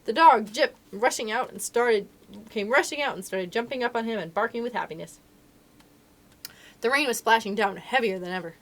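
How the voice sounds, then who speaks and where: A woman reading a children's novel aloud for a library storytime, with expressive, animated storytelling. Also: fairly high pitch, moderate pace.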